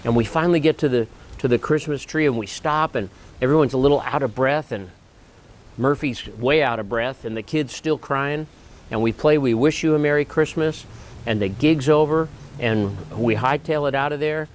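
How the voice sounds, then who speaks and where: A man's voice: mid-range voice, moderate pace, slight background noise. A man in his sixties, a working musician, telling an old gig story in an easygoing, rambling way with asides. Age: 60s. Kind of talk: casual storytelling.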